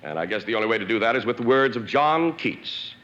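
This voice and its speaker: A man's voice: mid-range voice, expressive, fast. A man comedian acting out a one-sided phone call, stammering and growing more and more exasperated, then introducing the next guest as host. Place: live television stage before a studio audience. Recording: roomy 1960s TV broadcast, dull sound, loud audience laughter.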